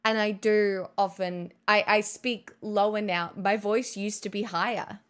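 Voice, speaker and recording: A woman's voice: medium pitch, steady tone, unhurried, fairly bright tone, clean tone. A young woman live streamer chatting casually and rambling at her desk, self-mocking and swearing freely into a good studio mic.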